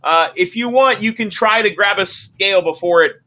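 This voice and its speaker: A man narrating a tabletop game as game master over a stream, easygoing and relaxed, with many filler words. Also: high-pitched, moderate pace, rough recording.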